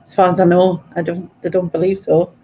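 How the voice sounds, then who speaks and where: A woman's voice: lowish voice, flat delivery, a little fast, warm tone. A woman from the UK hosting a live chat, talking casually and giggling often. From United Kingdom. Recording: dull lo-fi stream audio with faint background noise.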